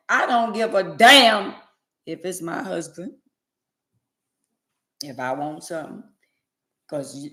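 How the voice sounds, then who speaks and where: A woman, talking straight to her livestream audience. She preaches in a sassy, blunt way and swings from loud to hushed. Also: lowish voice. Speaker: livestream host. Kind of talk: casual livestream rant to viewers.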